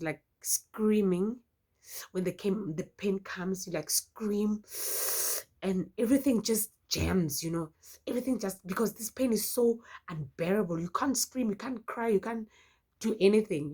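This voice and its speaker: A South African woman with a South African accent telling a personal story in a casual vlog, expressive and full of exclamations. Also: mid-range voice, slightly rough. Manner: expressive, exclamatory, frequent "yo" interjections. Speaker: YouTuber.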